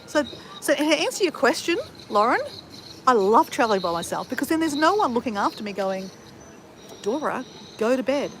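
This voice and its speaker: A fifty-something travel vlogger with a high, sing-song, brisk and somewhat bright voice chats casually on a livestream, answering viewers in a rambling, talkative way and swearing often. There's slight background noise.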